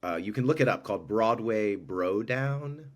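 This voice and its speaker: A man's voice: lowish voice, lively intonation, normal speed. A middle-aged man, a musical director, talking as a guest in a casual podcast interview, effusive and rambling with many restarts.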